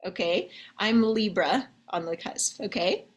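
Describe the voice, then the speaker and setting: Slow-talking woman love coach. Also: medium pitch, dull audio. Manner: chatty, sprinkles in "okay?" and "like"; addresses listeners as ladies, honey, babe. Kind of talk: coaching talk to viewers.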